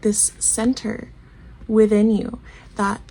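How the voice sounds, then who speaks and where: A woman's voice: medium pitch, little pitch movement, takes it slowly, warm tone, slight background noise. A woman giving a casual one-on-one tarot reading. She is gushing and affectionate, laughs often and talks with frequent ums and repeated words. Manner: gushing and affectionate, calls the listener babe; emotional, near tears, laughs often. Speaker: tarot reader.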